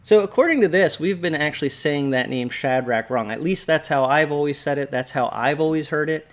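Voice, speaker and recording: A man hosting a casual explainer video, talking in a relaxed, light-hearted way and often asking his viewers questions. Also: a little high, fairly quick. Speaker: video host discussing Bible pronunciation. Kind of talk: casual explanatory talk to camera.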